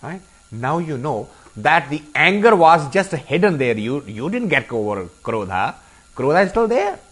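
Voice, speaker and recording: A man's voice: a little high, sing-song, unhurried, fairly bright tone. A middle-aged man giving a live spiritual discourse to a group, asking rhetorical questions and acting out little dialogues. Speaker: spiritual teacher.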